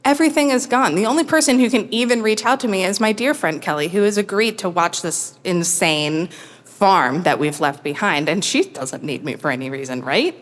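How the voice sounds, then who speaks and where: A woman telling a true story on stage in a wry, self-mocking, animated way. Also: mid-range voice, normal speed. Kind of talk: live comic storytelling. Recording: long hall reverb.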